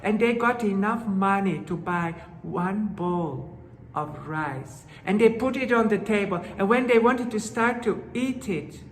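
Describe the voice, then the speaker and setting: Slow, expressive woman telling a folktale. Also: medium pitch, a little hiss or hum. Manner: dramatic, slow, with gasps and hushed asides. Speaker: storyteller. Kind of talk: children's storytelling. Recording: roomy hall with long reverb.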